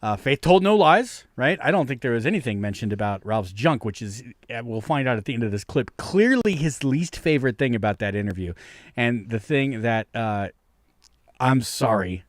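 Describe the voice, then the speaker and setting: A man in casual commentary, animated and exasperated, swearing freely. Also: medium pitch, normal speed, no room sound, studio quality.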